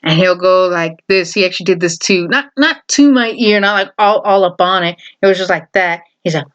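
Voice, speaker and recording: A woman vlogger with a lowish voice tells a story fairly quickly in a loose, rambling style, packed with fillers and laughter. The recording sounds dull and lo-fi.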